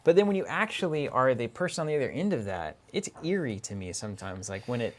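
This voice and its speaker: A man's voice: mid-range voice, sing-song, fast. A man co-hosting a card game stream from an office, chatting casually, laughing often and reading viewer comments aloud.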